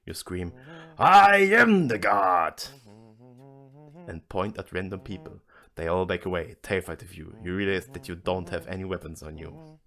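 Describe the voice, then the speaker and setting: A man reading an AI-generated adventure story aloud in a deadpan manner. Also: low-pitched, a little fast.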